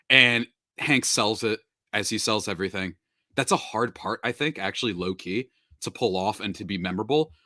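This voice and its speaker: A man's voice: lowish voice, pushed and bright, no room sound, clean studio sound. A man hosting a podcast, chatting casually and joking, with lots of fillers. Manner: laid-back, joking, filler-heavy. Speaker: podcast host.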